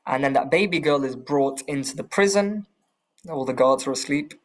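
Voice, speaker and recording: A man teaching a scripture class, retelling the story with lively questions to the group. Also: mid-range voice, moderate pace.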